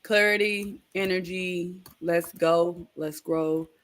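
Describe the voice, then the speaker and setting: A woman's voice: on the low side, fairly even intonation, slow. A woman co-hosting a live stream, chatting in an upbeat, motivational way. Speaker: co-host. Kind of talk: casual live-stream chat.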